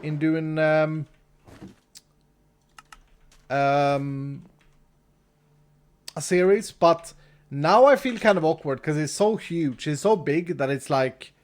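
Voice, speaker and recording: A man's voice: fairly high pitch, slow, long pauses. A man streaming a game live, chatting casually with his viewers, reading chat, thanking donors and laughing easily.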